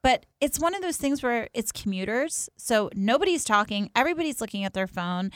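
Animated woman telling a story, dry sound. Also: on the high side, no room sound. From East Coast of the US. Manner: animated storyteller, quick asides and acted-out quotes. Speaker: podcast co-host. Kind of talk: casual chat.

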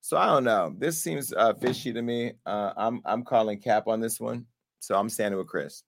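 A man hosting a call-in talk show, joking and animated as he chats and laughs often. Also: lowish voice, moderate pace, creaky. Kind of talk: casual chat.

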